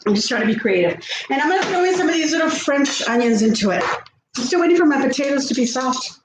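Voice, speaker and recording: A chatty middle-aged woman talks to her viewers while cooking at home, often laughing and reading their comments aloud. Her voice sits high, and the kitchen echoes around her. A faint hum of ambience sits under her voice. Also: expressive, quick pace. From South Texas. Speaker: vlogger. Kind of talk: casual chat while cooking.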